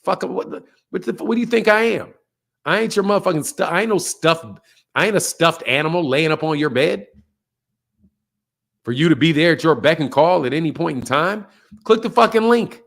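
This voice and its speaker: Man, livestream host, fairly high voice, profane, confrontational, animated rant. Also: moderate pace, creaky.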